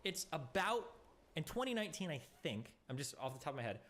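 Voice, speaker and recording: Fast, animated sarcastic male debater. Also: a little high. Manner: sarcastic, rattles off statistics fast. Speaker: streamer debating a guest. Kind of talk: heated debate chat.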